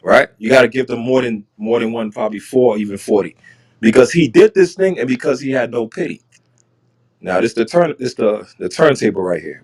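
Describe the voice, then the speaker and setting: A man's voice: mid-range voice, husky. A man leading a Bible study, reading verses aloud and then explaining them in casual, slangy talk. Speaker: Bible teacher. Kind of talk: casual scripture teaching.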